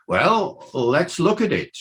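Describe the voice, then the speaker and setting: Slow and husky, this older man lectures at a university with an accent blending Welsh and Liverpool. He sounds keen, his emphasis swinging up and down in pitch.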